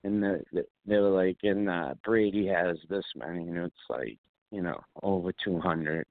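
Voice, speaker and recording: Brief: low-voiced, profane radio host, dry close sound over a tinny phone-like line. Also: male voice, moderate pace, gravelly, dry recording. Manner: profane, ranting, mimics others in quotes. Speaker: sports talk host. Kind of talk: casual sports radio banter.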